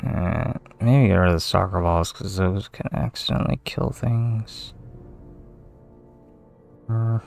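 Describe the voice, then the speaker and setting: A young man with a low voice mutters casual commentary over his gameplay, swearing readily and quick to irritation. Faint music plays behind him. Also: vocal fry, a little mellow. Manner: mutters to himself, swears often, easily aggravated. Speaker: gamer streamer.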